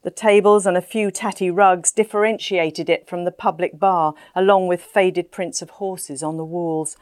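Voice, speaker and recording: A woman narrating a first-person story in an even, measured way. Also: lowish voice, smooth, no room sound, clean studio sound. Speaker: audiobook narrator.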